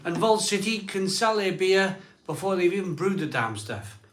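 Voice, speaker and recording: A man's voice: high voice, animated, normal speed, reverberant, a little hiss or hum. A man hosting a casual live stream, chatting in a rambling way. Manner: chatty, rambling, frustrated sighs. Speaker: live show host.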